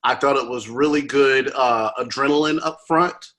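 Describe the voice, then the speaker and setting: A man hosts a podcast and chats casually about a movie, his mid-range voice a bit bright and his speed normal. The review rambles, with many fillers and restarts.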